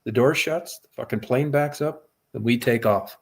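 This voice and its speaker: Profane, animated storytelling man. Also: medium pitch, normal speed, creaky, husky. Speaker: guest telling a story. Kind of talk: casual storytelling.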